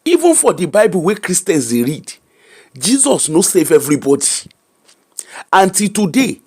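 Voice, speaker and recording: A man's voice: sits high, sing-song, moderate pace, a little mellow, slightly rough. A middle-aged Nigerian man with a Nigerian accent, hosting an emphatic, preacher-like commentary that mixes Pidgin and English. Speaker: host.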